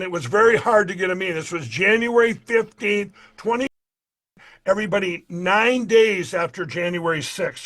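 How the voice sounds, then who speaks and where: High-voiced man retelling a story. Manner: animated retelling, acts out quoted dialogue, frequent restarts; addresses the audience directly. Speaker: interview guest. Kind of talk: casual storytelling in an interview.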